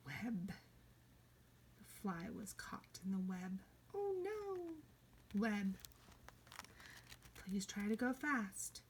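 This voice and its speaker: A woman teaching a kindergarten reading lesson, playful, slipping into high excited cries and soft whispers. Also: slow, a little hiss or hum.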